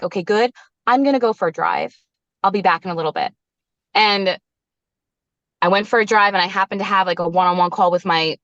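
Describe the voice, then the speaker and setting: A woman's voice: mid-range voice, no room sound, dull audio. A woman in her thirties, a resilience coach guesting on a podcast, telling a personal story candidly and acting out the lines she quotes. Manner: animated, acts out her own quoted lines.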